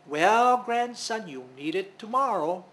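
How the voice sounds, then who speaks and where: A man's voice: high voice, unhurried. Man playing a wise, commanding old grandmother. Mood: knowing. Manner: calm, firm instructions.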